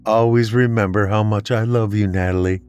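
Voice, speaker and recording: A man's voice: on the low side, fairly even intonation, normal speed, a little mellow, smooth, soft background music, close to an everyday voice. A man voicing a cold, menacing middle-aged mother who speaks in a sing-song voice with icy sweetness.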